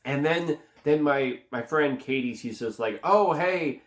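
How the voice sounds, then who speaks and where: Rambling casual male movie reviewer. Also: unhurried. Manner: rambling, heavy on fillers and restarts; jumps up in pitch to act out reactions.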